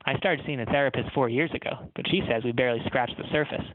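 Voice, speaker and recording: An ashamed, insecure bartender confides in a plain, conversational tone, as a man reading his story puts him on. The voice sits at an ordinary male pitch and comes through a tinny, phone-like line with no room sound at all. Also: fast talker, dry recording, natural voice. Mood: confessional.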